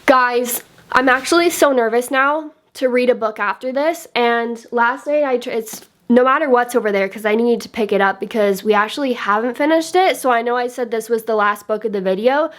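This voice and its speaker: A woman's voice: fairly high pitch, normal speed, few pauses, fairly bright tone. Gushing, chatty woman reviewing books. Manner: gushing, enthusiastic and chatty, full of "like". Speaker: book vlogger. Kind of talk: casual book review to camera.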